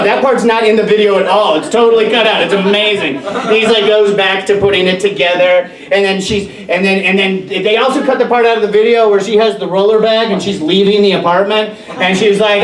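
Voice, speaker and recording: A man's voice: sits high, normal speed. A young man doing a stand-up comedy set at a bar, telling rambling self-deprecating stories with many restarts. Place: bar or brewery stage with a live audience. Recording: echoey room, far mic, loud crowd. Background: audience laughter.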